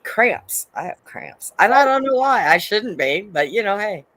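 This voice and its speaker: Picture a woman co-hosting an unscripted podcast, talking in loose, casual banter. She teases the others and breaks into laughter easily, with a medium, everyday pitch. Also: very animated, normal speed, a bit bright, no echo. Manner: teasing, laughs often. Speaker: podcast co-host.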